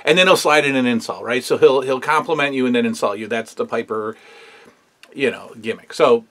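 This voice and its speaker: A man's voice: mid-range voice, brisk, bright, forceful tone. A man hosting a casual review show, talking in a rambling, opinionated way with lots of fillers. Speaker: wrestling history show host.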